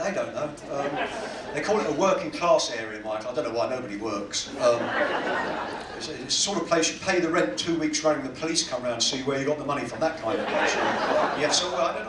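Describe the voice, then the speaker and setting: In a cruise ship cabaret lounge, a man with a British accent delivers self-deprecating stand-up and teases the audience. His voice is a little high, buried in heavy background noise, and picked up from a distance in an echoey room.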